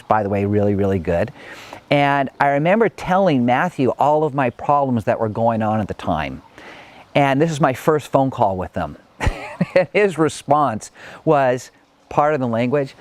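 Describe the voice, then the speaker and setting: Middle-aged male motivational speaker, mid-range voice, earnest and conversational, at home. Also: medium pitch. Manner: earnest and reflective, chatty with frequent "like" and "you know"; animated when recounting, with light laughs. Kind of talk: personal motivational talk. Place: at his own home.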